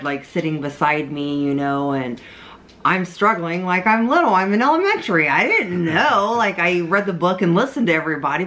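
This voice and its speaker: A woman's voice: deep voice, a bit bright, a little hiss or hum. A woman fondly telling a story in a casual chat, rambling and filling it with "like" and "you know". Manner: fond, rambling, says "like" and "you know" a lot.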